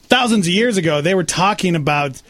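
Male co-host, playful and musing, high lively voice, dry mic. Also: brisk, no echo. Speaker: podcast co-host. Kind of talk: casual chat.

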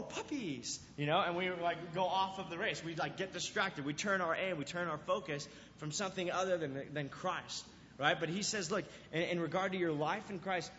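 A man preaching a sermon, telling a personal story with lively, animated delivery and acting out his own lines. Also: a little high, slight background noise. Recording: dull, roomy recording with long reverb in a hall.

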